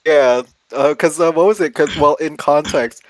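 A man telling stories in casual podcast chat, animated and laughing, with some swearing. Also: on the high side, normal speed, no echo, low-quality recording.

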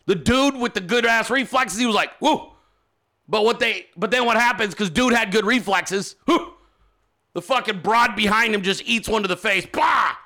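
A man hosts a political commentary show in a bright, sharp voice pitched high for a man. He rants hard, mocking his targets and swearing freely. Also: normal speed. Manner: profane, mocking, ranting. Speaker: show host.

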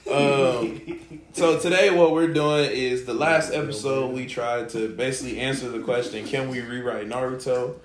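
A man's voice: mid-range voice, steady tone, normal speed. A young man hosting a podcast in casual chat, laid-back and slangy, often laughing. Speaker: podcast host. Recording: roomy room with crowd noise behind.

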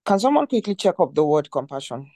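Emphatic, mellow devotional teacher. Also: mid-range voice, very animated, fast talker, dry recording. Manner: emphatic, repeats key phrases, asks rhetorical questions.

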